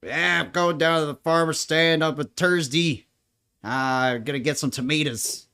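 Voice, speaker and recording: A man imitating his elderly grandfather in an easygoing, folksy voice with drawn-out vowels, in a casual cooking chat. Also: fairly high pitch, sharp tone, clean tone, pitched above the performer's own voice. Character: chatty old man, the speaker's grandfather.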